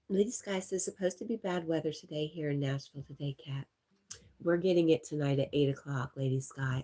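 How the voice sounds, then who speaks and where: A woman hosting a casual livestream, chatting and reading viewer comments aloud. She sounds stuffy-nosed and talks softly to her dog between comments. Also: low voice. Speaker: livestream host.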